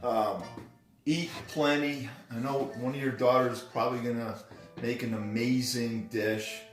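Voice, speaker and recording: A man's voice: medium pitch, fairly even intonation, a little slow. A man leaving a playful birthday video message for an old family friend, chatty and teasing. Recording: roomy recording from a distance with music.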